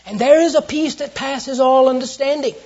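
A preacher with a Southern US accent, giving an earnest storytelling sermon that turns from hushed to loud. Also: high-pitched, moderate pace. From Southern United States. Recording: dull lo-fi recording.

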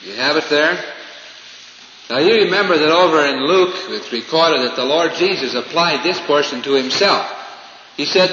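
A man preaching a sermon, swinging from loud emphatic lines to hushed, falling phrases. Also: fairly high pitch, animated, normal speed. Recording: dull, roomy hall recording with faint hiss.

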